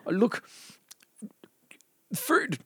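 A man co-hosting a comedy podcast, joking in a deadpan way in casual chat. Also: extremely high pitch, extremely slow, husky, no echo, studio quality. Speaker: podcast co-host.

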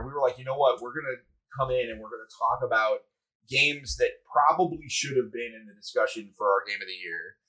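Pushed and bright at a medium pitch, with a breathy edge, this co-host rambles casually about video games over a Discord call, packed with fillers and restarts. Recording quality is rough.

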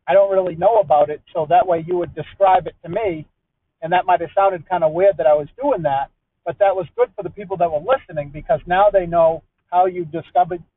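Loud playful man, tinny phone-like sound. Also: high voice, husky, dry recording. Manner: playful, talks loud on purpose for the mic. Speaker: podcast host. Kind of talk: casual podcast chat.

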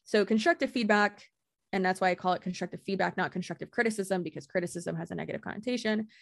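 Woman guest, casual chat, assertive and profane, gravelly tone. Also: medium pitch, no room sound, studio quality. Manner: blunt, assertive, swears freely, laughs often. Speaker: guest content creator. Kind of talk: casual podcast conversation.

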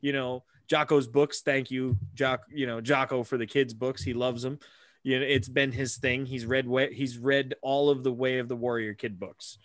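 Podcast host, male dad, mid-pitched, animated storyteller who curses freely, dry recording. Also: moderate pace, dry recording. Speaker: father. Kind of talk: casual podcast chat.

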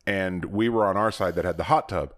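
Deep-voiced man, laughing storyteller. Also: fairly quick, fairly bright tone. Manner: laughs often, rambling storyteller. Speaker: podcast co-host. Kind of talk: casual chat.

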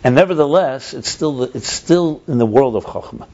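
A man's voice: medium pitch, lively intonation, normal speed, a little mellow. Man explaining a text, lo-fi. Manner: explains step by step, reads passages aloud and glosses them, repeats himself. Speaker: teacher of a text class. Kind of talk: text study lesson. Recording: dull lo-fi recording.

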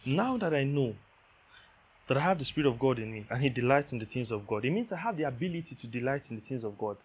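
A man delivers a sermon in a husky, slightly rough voice. He preaches with emphasis and repeats his key lines. He keeps checking that his listeners follow him. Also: mid-range voice, animated, fast. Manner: emphatic, repeats key phrases, asks the audience "do you understand".

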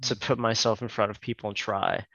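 Hesitant low-voiced man, muffled sound. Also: fairly even intonation, gravelly, sharp tone, no room sound. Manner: hesitant, halting, with many fillers and restarts. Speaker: podcast guest. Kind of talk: casual interview chat.

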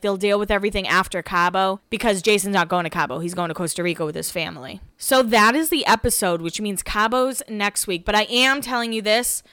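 A young woman talks into a close mic for her solo podcast, gossipy and chatty, tossing in swear words and little acted-out quotes. Her voice is bright and crisp, with a dry, close sound and no room around it. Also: medium pitch, dry recording. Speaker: podcast host recapping a reality show. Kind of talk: casual solo podcast recap.

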